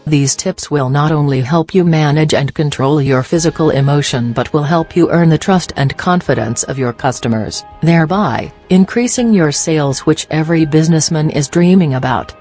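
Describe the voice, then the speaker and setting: A narrator reading a business training script in a measured, instructional way. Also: medium pitch, a little mellow, soft background music.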